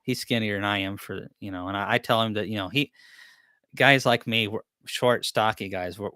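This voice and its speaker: Easygoing low-voiced man hosting a live chat. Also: moderate pace, pushed and bright, dry recording, studio quality. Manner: rambling, easygoing, self-deprecating. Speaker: beekeeping channel host.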